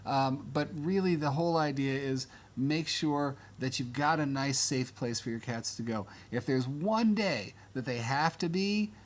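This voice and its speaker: A man's voice: mid-range voice, measured pace, few pauses. A man hosting a casual live stream, chatting loosely with many fillers. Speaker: livestream host.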